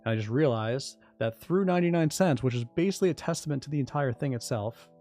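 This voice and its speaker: A man talking casually on a livestream about his crypto project, rambling, restarting sentences and getting excited. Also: mid-range voice, fast, soft background music. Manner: rambling, self-interrupting, excitable. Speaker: crypto project founder and streamer.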